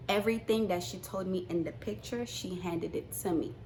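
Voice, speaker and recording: Young woman vlogger, casual storytime, animated, acts out dialogue, soft hiss behind. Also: lowish voice, normal speed. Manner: animated, acts out quotes, swings between hushed and loud.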